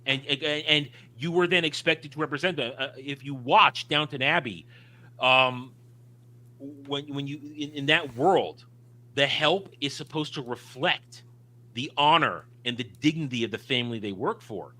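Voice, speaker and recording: A man's voice: mid-range voice, normal speed, bright, forceful tone. A man co-hosting a casual film discussion, talking emphatically and opinionatedly with frequent restarts. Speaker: podcast co-host.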